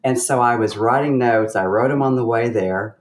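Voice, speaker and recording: A middle-aged woman, a pianist guest in an interview, telling stories in a lively, chatty way with bursts of laughter. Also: a bass voice, moderate pace, roomy sound. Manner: animated storyteller with bursts of laughter. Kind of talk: casual interview storytelling.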